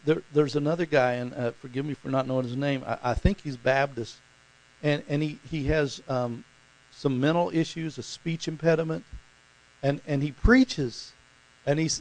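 A man's voice: medium pitch, gravelly, a little mellow, low-quality recording. A man preaching a sermon, telling a story in a rambling way with repeated words and bursts of fervent emphasis.

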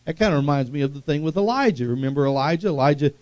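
A middle-aged male pastor preaching an animated sermon, swinging from loud calls to hushed asides. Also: on the high side, racing, no room sound. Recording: dull lo-fi sound.

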